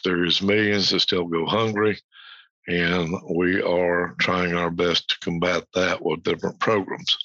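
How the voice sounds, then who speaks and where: A man hosts an educational podcast in an unhurried, rambling way, full of "uh"s and restarts. His voice is bright and forward, set a little low. The recording is dry and dull, like a lo-fi home setup. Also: flat delivery, no echo. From United States. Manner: rambling, frequent fillers, reads quotes aloud. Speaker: podcast host. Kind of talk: informal educational talk.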